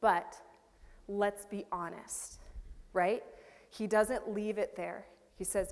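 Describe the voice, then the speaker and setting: A woman's voice: mid-range voice, fairly even intonation, unhurried. Woman preaching in a reverberant hall. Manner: chatty, self-deprecating, frequent "right?" asides. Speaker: pastor. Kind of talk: sermon.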